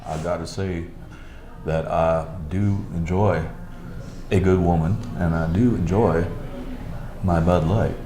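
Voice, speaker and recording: A man doing a slow-drawling gruff cowboy. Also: deep voice, steady tone, mellow, voice pushed down. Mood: laid-back. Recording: echoey pub with noise.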